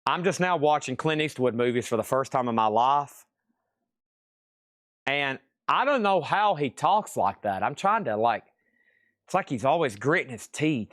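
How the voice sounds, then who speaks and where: A man with a mid-range, somewhat bright voice and lively intonation hosts a live record sale stream at a moderate pace. He calls out lots and start prices, rambling and making self-deprecating jokes between auctions. The studio-quality audio has no echo.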